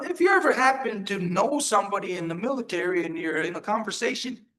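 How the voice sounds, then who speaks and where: A man's voice: high-pitched, fairly bright tone. A man giving an emphatic live teaching talk, asking his audience rhetorical questions. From Turtle Island.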